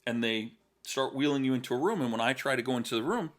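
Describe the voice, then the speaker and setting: Middle-aged male podcast co-host, explains in plain steps, restarts his words, average pitch. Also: a bit bright. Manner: explanatory, halting with repeated words. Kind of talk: casual storytelling chat.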